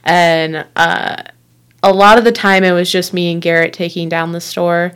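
A woman's voice: on the low side, fairly even intonation, normal speed, a bit bright, clean tone. A woman in her twenties chatting casually as a podcast co-host, rambling with lots of filler words. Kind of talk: casual chat.

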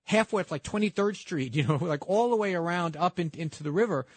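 A male radio co-host who explains his views earnestly and stumbles into restarts. His voice sits a bit high, and the studio sound is close and dry. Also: expressive, fairly quick, slightly rough, no echo. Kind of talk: casual radio talk.

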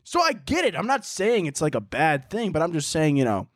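High-voiced young man ranting on his podcast. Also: brisk, no room sound, studio quality. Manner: animated, profane, mocking impressions of people. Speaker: podcast host. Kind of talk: casual solo podcast rant. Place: indoors at home.

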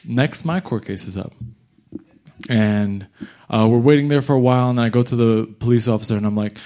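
A young man, a stand-up comic, telling a story live and acting out other people's lines. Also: medium pitch. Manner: animated, acts out other people's lines in quick bursts. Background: audience laughter.

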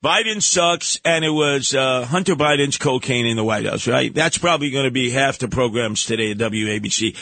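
A man's voice: mid-range voice, a little fast, gravelly, hardly any pauses, fairly bright tone, dry recording. A man hosting a talk radio show, delivering a blustery, sarcastic, mocking monologue into a studio microphone.

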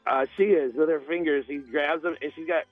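A male caller on a tinny, dry phone line, slightly high-pitched. He tells an amused story to the hosts while faint music plays. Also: fairly even intonation, a little fast, dry recording. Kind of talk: phone call to radio show.

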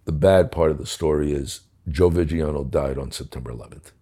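A man's voice: a bass voice, a little fast, mellow, breathy edge. An older man telling a war story from his police days, blunt and profane, acting out the dialogue. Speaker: former police commissioner. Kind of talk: casual storytelling.

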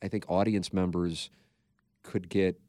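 A man with a very low voice talks on a podcast in a loose, rambling way. He is candid and swears often. The sound is dry and close, with no room echo. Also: fairly even intonation, measured pace, warm tone. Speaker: podcast co-host. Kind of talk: casual podcast chat.

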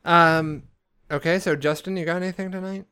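A man's voice: a little high, steady tone, a little fast, bright, forceful tone, clean tone. A young man hosting a casual podcast, rambling with fillers and restarts. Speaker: podcast host. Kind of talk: casual chat.

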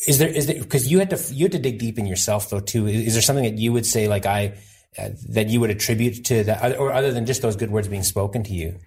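A man interviewing a guest, asking thoughtful questions with halting restarts. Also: on the low side, a little mellow. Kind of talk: conversational interview.

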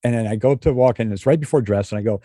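A man, a comedy writer and guest, telling stories in a lively, animated way and acting out the quotes. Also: medium pitch, very fast, no echo. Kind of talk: casual storytelling.

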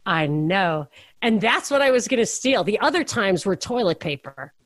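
A woman's voice: mid-range voice, big pitch swings, normal speed, dry recording, clean studio sound. A middle-aged woman on a podcast, telling rambling, self-deprecating stories in casual chat. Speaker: podcast co-host.

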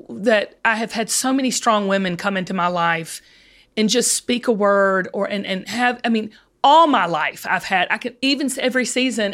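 Guest: woman, higher voice, gushing storyteller, excitable and quick to emotion. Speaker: podcast guest, TV seller. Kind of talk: casual chat.

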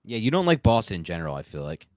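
Lively chatty man, dry close sound. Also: on the low side, no echo. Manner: animated, chatty and opinionated, quick asides. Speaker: podcast co-host breaking down football film. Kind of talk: casual sports podcast chat.

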